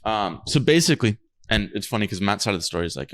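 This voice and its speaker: A young man co-hosts a podcast, spinning a rambling story in casual chat, laughing often and swearing freely. He talks fast, with a lowish, slightly bright voice and lively intonation.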